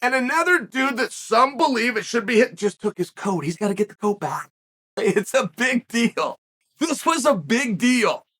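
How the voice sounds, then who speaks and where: A middle-aged man hosts a solo commentary in a very high, bright, forceful voice. He tells the story with excitement and breaks into emphatic shouts. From western United States. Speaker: host.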